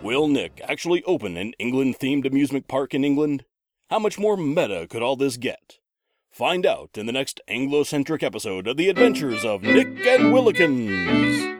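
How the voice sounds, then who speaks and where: A man's voice: mid-range voice, very animated, moderate pace, over loud music. Sarcastic, exasperated male narrator. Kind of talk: comedic narration and phone-call bit.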